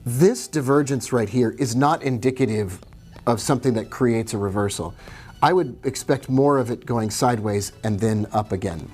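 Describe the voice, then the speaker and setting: A man's voice: medium pitch, moderate pace, darkish tone, slightly rough. A man hosting a live trading stream, chatting casually, reading viewer questions and greeting them by name as he walks through charts.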